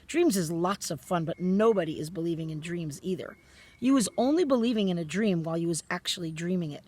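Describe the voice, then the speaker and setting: A woman reading aloud and voicing a gentle, old male giant who mangles his grammar, with a breathy voice. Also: fairly low pitch, animated, fairly quick. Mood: earnest. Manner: mangled grammar, invented words. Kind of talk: storybook reading.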